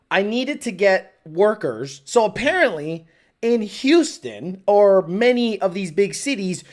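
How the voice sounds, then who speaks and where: A woman hosting a live show, telling stories in a loose, profane way. Her pitch swings widely as she tells them, and she laughs often between lines. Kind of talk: casual storytelling.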